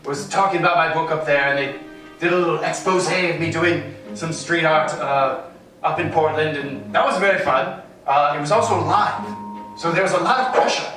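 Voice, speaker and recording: A man's voice: on the high side, pushed and bright. A man, a street artist, chatting as an interview guest in a rambling, self-deprecating way that keeps wandering off on tangents. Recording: echoey room, distant mic, music.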